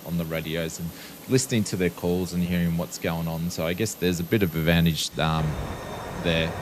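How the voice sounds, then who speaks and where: A man's voice: low-pitched, a little hiss or hum. A man with an Australian accent giving wry, casual commentary on a live stream, with frequent ums. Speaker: flight sim streamer.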